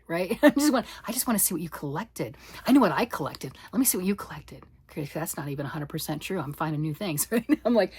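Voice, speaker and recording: A woman's voice: lowish voice, lively intonation, fairly quick, breathy edge. A woman hosting a knitting podcast, rambling and self-deprecating as she chats casually with her listeners. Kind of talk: casual chatty monologue.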